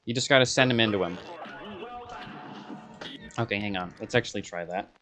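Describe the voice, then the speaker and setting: Man, gaming commentary, bright tense tone, sarcastic self-talk, frustrated outbursts, faint game music behind. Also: lowish voice, brisk. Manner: sarcastic, rambling self-talk while playing; bursts of frustrated outbursts between muttering. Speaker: gaming video creator. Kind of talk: gameplay commentary.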